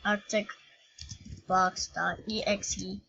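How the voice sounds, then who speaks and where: A woman's voice: mid-range voice, flat delivery, slow pace, vocal fry, a bit bright, husky, dull audio. A woman giving playful, giggly gameplay commentary as a YouTuber. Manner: playful and giggly, silly jokes. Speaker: gaming YouTuber.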